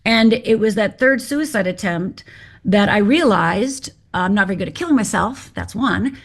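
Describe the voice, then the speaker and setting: A woman's voice: medium pitch, expressive, normal speed. A middle-aged woman from Upper Michigan, a guest on an interview show, telling her life story in a candid, direct and wry way.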